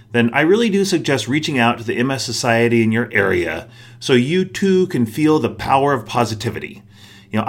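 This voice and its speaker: A male podcast host with a lively, up-and-down pitch, talking in an easygoing way. He sounds reflective and encouraging, in a relaxed, conversational style. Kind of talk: casual chat and closing monologue.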